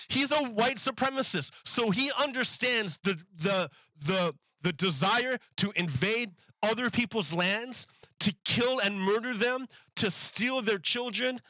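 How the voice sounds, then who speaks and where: Bright-voiced man ranting sarcastically. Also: very high voice, no room sound, lo-fi sound. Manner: profane, sarcastic, heated. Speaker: streamer host. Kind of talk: ranting commentary over clips.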